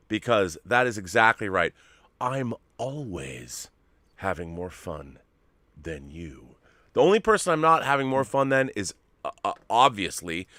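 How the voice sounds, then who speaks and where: A man with a low, forceful, bright voice, co-hosting a casual live stream. He talks in an animated, emphatic way and swears freely. The sound is dry and close. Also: dry recording. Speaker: co-host.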